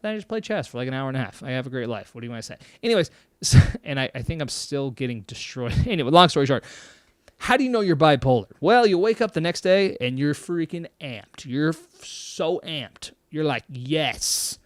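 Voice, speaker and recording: A man with a fairly high voice hosts his own mental health show and talks straight to his viewers. His delivery is energetic and emphatic, and he breaks into laughter often. The sound is dry and close, with no room around it. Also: a little fast, clear, resonant tone, no echo. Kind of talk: casual monologue to camera.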